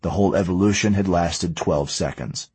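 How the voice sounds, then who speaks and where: Low husky male narrator. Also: moderate pace, a little mellow, no room sound. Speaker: audiobook narrator. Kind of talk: scripted narration.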